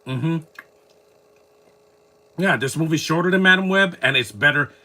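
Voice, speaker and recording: A man's voice: fairly high pitch, measured pace, bright, forceful tone. A man giving casual, opinionated commentary while watching a film, rambling and restarting his sentences.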